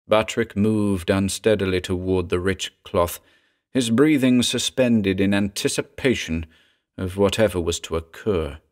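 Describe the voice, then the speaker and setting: A man narrating a horror story in a measured, grave storytelling manner. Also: low-pitched, a little mellow.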